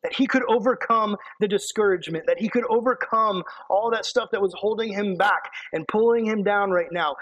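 A man preaching a sermon, animated, acting out quotes and dropping to a hushed, intense voice. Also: sits high, fairly quick, hardly any pauses, no echo, dull audio.

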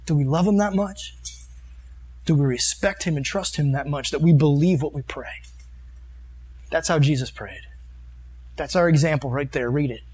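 A man's voice: fairly high pitch, normal speed, long pauses, darkish tone, husky. Earnest man preaching a casual sermon. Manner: reads and comments on scripture verses. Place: meeting room with a live audience.

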